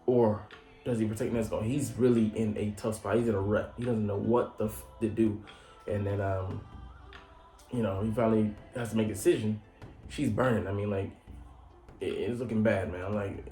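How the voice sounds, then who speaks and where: A man with a lowish voice recaps an anime episode in a loose, rambling way, swearing freely and leaning on fillers. His voice bounces around an echoey room. Faint background music plays behind him. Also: steady tone, normal speed, darkish tone. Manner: rambling, profane, full of fillers.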